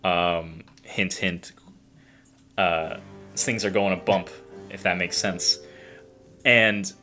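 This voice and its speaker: A man's voice: sits low, fairly even intonation, takes it slowly, sharp tone, faint music behind. A man narrating a tabletop game as game master, in a casual, rambling way with many fillers.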